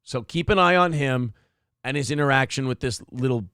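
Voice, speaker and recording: A man's voice: medium pitch, a little fast, creaky, fairly bright tone, clear, resonant tone, no room sound, studio quality. A man hosting a morning show, giving crude, mocking commentary over video clips, getting worked up.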